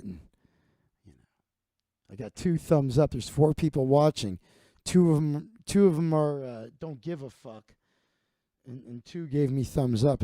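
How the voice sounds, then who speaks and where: A man's voice: a little high, dark tone, dry recording, studio quality. Profane, rambling male livestream host. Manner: rambling, profane, self-deprecating. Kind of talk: casual profane monologue. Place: home streaming setup.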